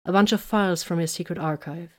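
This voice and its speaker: A woman voicing a shrewd, composed female inquisitor in an audiobook, calm and solemn. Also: on the low side, fast, lightly acted.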